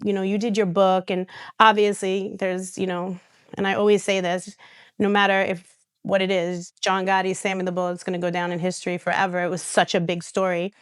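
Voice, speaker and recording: This is a woman, sitting at a podcast mic and recounting stories. She talks in a chatty, animated way, slipping into other people's voices with quick restarts. Her voice is smooth and clear, recorded close and dry. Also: medium pitch, no echo. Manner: animated storyteller who acts out quoted voices, with restarts and laughs. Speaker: reality TV star and guest. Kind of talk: casual storytelling interview.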